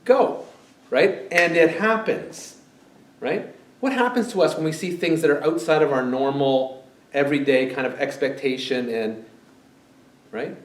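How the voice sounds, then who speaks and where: A man's voice: on the high side, a little slow. A male pastor preaching a sermon in a church, chatty and full of questions to the congregation. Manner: conversational, asks the congregation questions. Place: church sanctuary. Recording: echoey church hall, mic far off.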